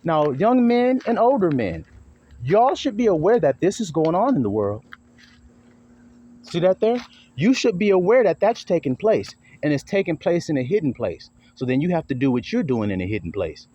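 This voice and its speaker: A man's voice: a little high, sing-song, normal speed, dark tone. A man giving a blunt, emphatic preaching monologue, often acting out quotes and swearing freely. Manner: emphatic, swings into acted quotes, blunt and profane. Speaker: online preacher. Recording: dull lo-fi recording with faint hiss.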